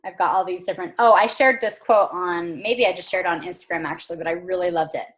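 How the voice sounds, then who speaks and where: A woman's voice: on the low side, fairly even intonation, fast, a little hiss or hum. A woman, likely in her thirties, coaching her team on a casual motivational call, chatty and earnest with frequent fillers.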